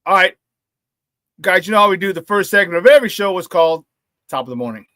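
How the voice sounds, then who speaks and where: A male morning sports radio host talking in a loose, hyped-up, slangy way. His voice is fairly high and bright. He is recorded in a dry studio close to the mic. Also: quick pace, no room sound. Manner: energetic, slangy hype. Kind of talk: casual morning sports talk.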